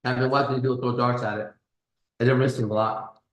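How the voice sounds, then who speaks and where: A man's voice: mid-range voice, level tone, fairly quick, dull audio. A man hosting a live stream in casual chat, boastful and swearing with slangy talk, in a kitchen. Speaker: host. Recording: echoey room.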